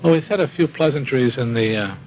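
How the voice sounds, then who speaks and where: A man with a medium-pitched voice, recorded with the highs cut off, tells a story about his own drinking in a brisk, folksy way. His humor is wry and self-mocking, and he acts out what people said.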